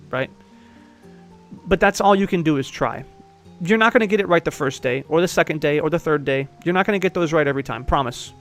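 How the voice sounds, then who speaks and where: A man giving casual life-coaching advice, blunt and profane, pressing his listener with direct questions. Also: high voice. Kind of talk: casual one-on-one advice talk.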